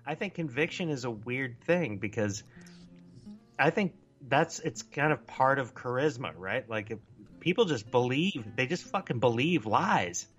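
A man co-hosting a casual comedy podcast, musing on ideas in quick bursts and laughing easily. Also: medium pitch, lively intonation, fairly bright tone, faint music behind. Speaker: podcast co-host.

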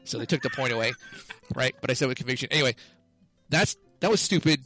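A man at an ordinary middle pitch spins a long, rambling anecdote on a casual podcast. He stumbles, restarts and corrects himself, chuckling at his own slips. Faint music plays softly behind him. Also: expressive, fast talker, low-quality recording. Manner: rambling, self-correcting, loses the thread and laughs at himself. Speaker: podcast co-host. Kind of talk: casual comedic storytelling.

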